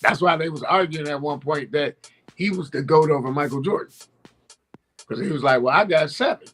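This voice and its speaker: A man co-hosts a sports talk show in a relaxed, fairly high voice. He keeps his answers short and pauses with fillers. Faint music runs underneath. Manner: relaxed, brief, fills pauses with uh. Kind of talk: casual sports chat.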